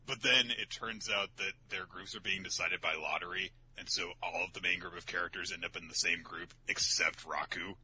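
A man's voice: sits low, fairly even intonation, fairly quick, pushed and bright, a little hiss or hum, poor audio. A young man co-hosting a casual manga podcast, laughing often, swearing, and mimicking characters as he recaps. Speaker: podcast co-host.

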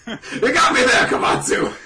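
A man's voice: very high-pitched, moderate pace, a crowd in the background. A man co-hosting a casual chat show, trading joking, sarcastic banter full of swearing. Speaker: podcast co-host. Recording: voice a bit distant from the mic.

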